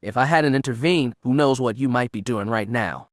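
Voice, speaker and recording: A man doing a sharp-tongued woman inquisitor. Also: mid-range voice, normal speed, no room sound, studio quality, close to an everyday voice. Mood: scornful. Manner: sharp, cutting retorts. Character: determined young woman Sith inquisitor.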